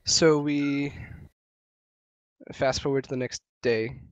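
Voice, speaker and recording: A man's voice: mid-range voice, fairly even intonation, slow, clean tone, no room sound. Young man telling a rambling, cussing story. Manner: rambling, profane storytelling with many restarts. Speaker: podcast co-host. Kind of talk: casual chat.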